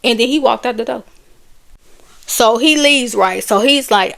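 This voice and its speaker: A woman retelling a book's plot in a casual, conversational way, animated, with chatty asides. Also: on the high side, a little slow, vocal fry. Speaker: book and movie reviewer. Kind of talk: casual storytelling recap.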